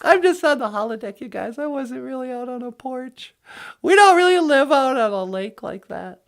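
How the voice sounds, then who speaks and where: A woman's voice: sits high, lively intonation, normal speed, creaky. A woman co-hosting a casual vlog, teaching an Ojibwe phrase of the day in a playful, goofy way and laughing often.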